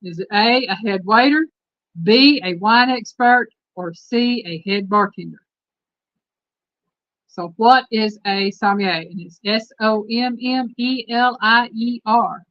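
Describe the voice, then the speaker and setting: A woman's voice: on the high side, slow pace, no room sound, lo-fi sound. A woman with a Southern Texas accent hosting a live stream, chatting casually and reading trivia questions aloud to her viewers. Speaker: host.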